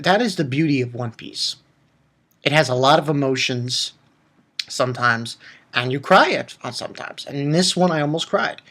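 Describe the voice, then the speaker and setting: Here a man excitedly rambles through his take on an anime episode, his voice shooting up into high squeals as he trips over names.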